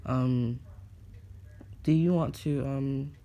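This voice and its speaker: A man's voice: mid-range voice, steady tone, dark tone, pitched above the performer's own voice. A thirteen-year-old boy voicing a shy teenage girl who hesitantly asks a boy out. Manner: hesitant, halting with ums.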